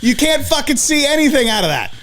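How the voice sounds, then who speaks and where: A man co-hosting a podcast, ranting loudly and swearing in casual banter. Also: extremely high pitch, sing-song, a little fast. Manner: ranting, loud and profane. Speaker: podcast co-host.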